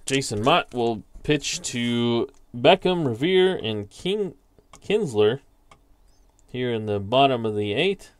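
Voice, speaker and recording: A man doing measured play-by-play for a tabletop baseball game, in an unhurried, methodical delivery. His voice sits at an ordinary pitch and is recorded close and dry, with no room sound around it. He works through dice results and stat lines one at a time. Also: expressive, smooth, no echo. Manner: slow and deliberate, reading out dice rolls and stats. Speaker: league commissioner calling a tabletop baseball sim. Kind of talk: play-by-play commentary.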